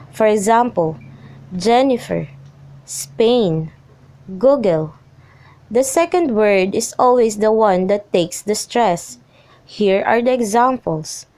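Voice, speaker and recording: A young woman reading a lesson script aloud, slowly and evenly, through rules and example phrases. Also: medium pitch, a little mellow. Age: young adult. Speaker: student presenter.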